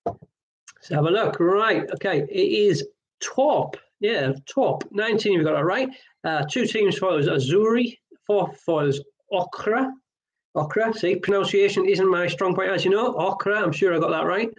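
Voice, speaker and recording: Chatty pub quiz host, high voice. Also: male voice, normal speed, dull audio. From Wales. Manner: chatty, jokey, rambling asides. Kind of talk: online pub quiz hosting.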